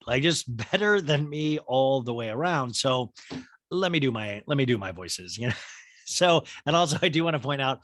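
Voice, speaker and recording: A man hosting a comedic TV recap podcast, rambling with quick self-mocking asides. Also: medium pitch, a bit bright, no echo. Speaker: podcast host.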